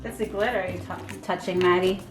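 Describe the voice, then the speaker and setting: A woman's voice: lowish voice, fairly even intonation, fairly quick. A middle-aged woman, a mother, chatting playfully and teasing her kids during a family vlog challenge. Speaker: mother helping with a kids' challenge. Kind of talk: casual family vlog chat. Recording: echoey room with music behind.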